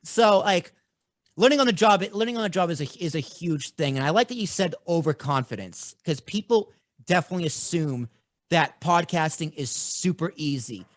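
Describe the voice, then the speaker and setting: A man's voice: a little high, lively intonation, moderate pace, no echo, studio quality. A man in his thirties with a Boston accent, hosting a podcast interview in a brash, blunt, casual way. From Boston, USA. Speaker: podcast host. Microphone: studio microphone.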